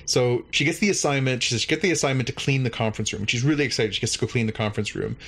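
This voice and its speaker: A man casually recapping a show episode, rambling and animated, with many fillers. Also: mid-range voice, racing, creaky, slightly rough.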